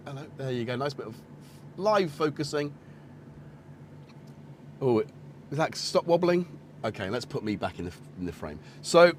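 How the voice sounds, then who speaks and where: A man's voice: mid-range voice, a little hiss or hum. A man hosting a casual live stream, chatting loosely and greeting viewers while demonstrating a synth module. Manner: rambling, chatty, self-correcting, greets viewers. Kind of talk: casual live-stream chat and product demo.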